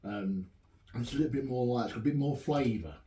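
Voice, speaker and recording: A man's voice: mid-range voice, quick pace, distant mic. A man from England chatting casually as he reviews home-brewed beer in his home pub shed. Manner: relaxed, chatty, enthusiastic. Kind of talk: casual chat. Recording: echoey room, mic some way off.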